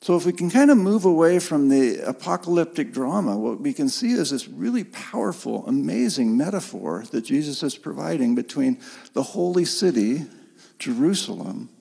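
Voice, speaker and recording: A man preaching a sermon in an earnest, gently emphatic way, heard in a church sanctuary. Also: fairly high pitch, big pitch swings, normal speed, creaky, breathy edge, big-room sound. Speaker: pastor.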